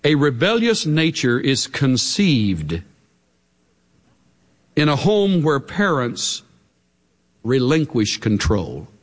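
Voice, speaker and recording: A male preacher giving an emphatic, dramatic sermon. He drops to hushed tones at times. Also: mid-range voice, wildly swooping pitch, takes it slowly, long pauses, big-room sound.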